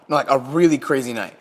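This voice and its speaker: A young man telling a comic story in an animated, rambling way, full of 'like'. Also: mid-range voice, vocal fry, breathy edge. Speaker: comedian.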